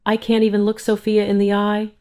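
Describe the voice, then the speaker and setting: A guilt-ridden gambling son-in-law who stammers and begs, as a woman reads him in a low voice. He sounds cornered and desperate in this audio storybook. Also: fairly even intonation, moderate pace, a little mellow, lightly acted. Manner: pleading, stammering.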